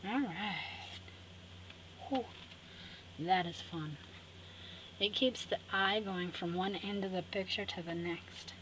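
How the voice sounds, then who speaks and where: A woman's voice: medium pitch, slow pace, pauses often, fairly bright tone, rough recording. A woman hosting a craft tutorial, chatting to viewers and talking herself through the steps with cheerful asides. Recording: clear background noise.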